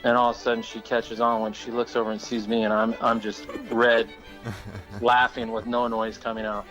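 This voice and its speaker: A man's voice: medium pitch, level tone, moderate pace, a bit bright, soft background music, low-quality recording. A man calling in to tell a funny story, laughing as he goes and acting out the people in it. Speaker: caller. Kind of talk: animated storytelling.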